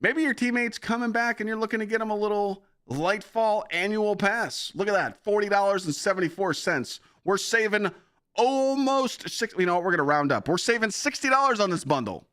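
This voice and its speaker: A man doing a hyped-up male sales pitchman, pitched well above his normal voice. The delivery is loud, bouncy and exclamatory, as if every deal is the best deal on earth. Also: expressive, brisk, clear, resonant tone. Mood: hyped salesy.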